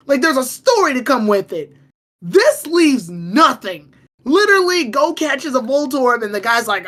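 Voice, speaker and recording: A woman co-hosting a casual podcast, telling stories in an animated, profane way. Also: high voice, normal speed. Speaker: podcast co-host.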